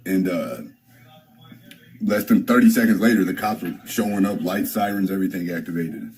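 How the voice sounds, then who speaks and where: A man's voice: deep voice, normal speed, a little mellow, slight background noise, poor audio. Profane rambling young man streamer. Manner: rambling, profane, restarts and fillers, mimics others in raised voice. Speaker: live streamer. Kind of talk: casual storytelling to a stream.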